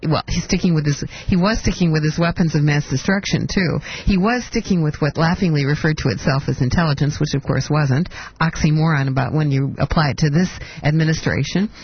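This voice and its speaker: A woman's voice: sits low, brisk, slightly rough. A woman hosting talk radio, giving a sarcastic political commentary monologue full of mocking rhetorical questions, in dull lo-fi broadcast audio.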